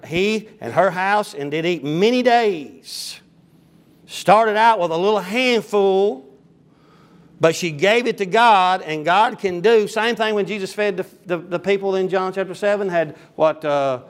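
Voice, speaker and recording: Folksy preacher in his fifties. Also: high voice. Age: 50s. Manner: rambling down-home storytelling with humorous asides. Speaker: pastor. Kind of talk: folksy sermon with scripture reading.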